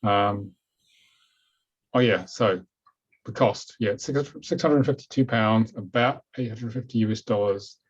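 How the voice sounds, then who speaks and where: Man, New Zealand accent, low voice, husky, relaxed webinar host, lo-fi call audio. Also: measured pace. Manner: relaxed, chatty, says "okay" a lot. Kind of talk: casual webinar talk. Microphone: computer mic on a video call. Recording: dull lo-fi video call audio.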